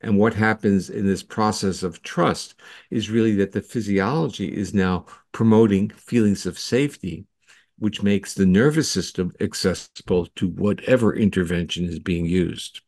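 A man with a fairly low voice walks through his ideas like a lecturer, steady and patient with occasional restarts. The sound is dry and close, with little room around it. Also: normal speed, no echo. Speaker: guest scientist. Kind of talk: explanatory interview talk.

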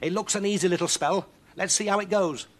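A man doing a shrill flustered witch. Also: a little fast. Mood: eager shrill. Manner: shrill, squeaky and fussy. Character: flustered, cross little failed witch woman.

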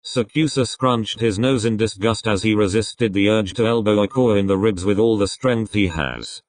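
A man reading a fan story aloud in a lively storytelling manner. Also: on the low side, moderate pace, no echo, poor audio. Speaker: fanfiction reader.

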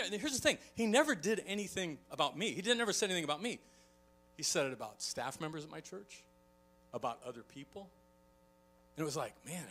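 A middle-aged male pastor preaches with a bright, forceful voice sitting a little high for a man. He tells stories in an animated way, slipping into quoted voices, with faint instrumental music playing underneath. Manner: animated storytelling, acts out quoted voices, chuckles often. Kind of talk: sermon.

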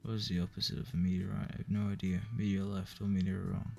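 A man reading a joke book aloud in a flat, weary way, with profane asides. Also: low voice, fast talker. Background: clear background music.

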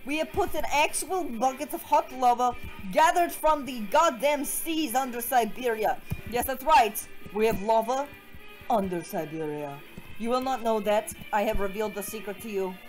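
A woman's voice: a little high, normal speed, soft background music, lightly acted, low-quality recording. A woman voicing a theatrical female Russian cooking-show host in an exaggerated put-on Russian accent. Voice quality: exaggerated accent, mock-grand announcing.

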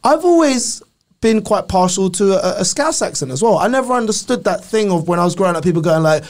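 A man's voice: sits high, a little fast. A man co-hosting a comedy podcast, chatting casually and joking, slipping into mock voices. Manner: animated, jokey, slips into mock voices and accents. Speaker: podcast co-host.

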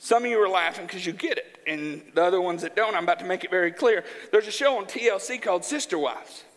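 A man from Arkansas preaching a sermon in a church, joking in a folksy, animated way. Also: high-pitched, fast talker. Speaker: pastor. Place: church sanctuary. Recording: church hall with long reverb.

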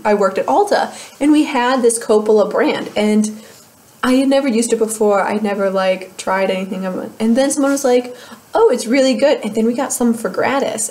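A woman's voice: fairly high pitch, darkish tone. A young woman in a casual beauty vlog, chatting and laughing as she goes through used-up products at home. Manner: chatty, self-mocking, laughs between remarks. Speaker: beauty vlogger.

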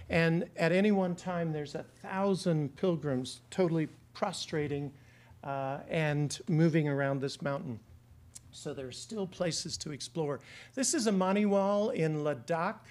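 A middle-aged man giving an anecdotal slide-show talk about his travels, pausing often with fillers. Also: fairly high pitch. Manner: anecdotal, with many filler pauses.

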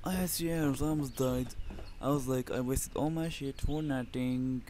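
A man from Lebanon hosting his own channel, giving excitable, profanity-heavy commentary on a survival game and talking trash at the enemies. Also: mid-range voice, moderate pace, slight background noise. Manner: excitable, swears constantly, talks to the enemies. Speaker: gaming channel host.

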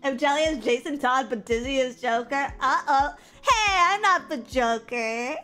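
High-voiced, animated woman streamer. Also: normal speed, faint music behind. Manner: animated, profane, self-mocking. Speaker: livestreamer. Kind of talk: casual chat reading viewer comments.

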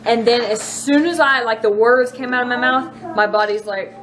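Chatty Southern mom in a noisy kitchen. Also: female voice, a little high, normal speed, hardly any pauses. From Mississippi. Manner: chatty, giggly, playful voices. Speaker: vlogger, mother. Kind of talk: casual home vlog. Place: home kitchen.

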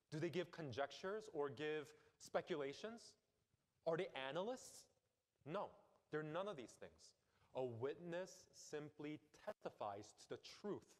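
A man preaching a sermon as pastor, earnest and emphatic, dropping into quiet low asides. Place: church sanctuary. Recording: long hall reverb.

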